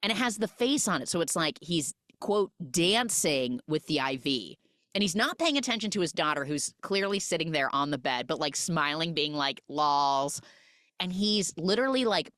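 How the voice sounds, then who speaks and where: A woman's voice: on the low side, fairly bright tone, no echo, studio quality. A woman hosting a podcast, casually and comically recapping a film and quoting its characters in mock voices.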